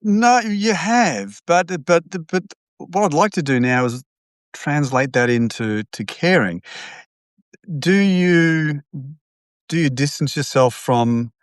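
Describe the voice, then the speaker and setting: A man's voice: a little high, expressive, slow pace, no room sound. Hesitant male podcast host, dry sound. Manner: hesitant questioning with many restarts and ums. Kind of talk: podcast interview.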